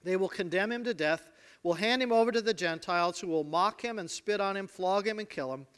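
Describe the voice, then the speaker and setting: Male pastor, high bright voice, dramatic sermon storytelling. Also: a little fast, clean tone. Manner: dramatic storytelling, swings from loud to hushed.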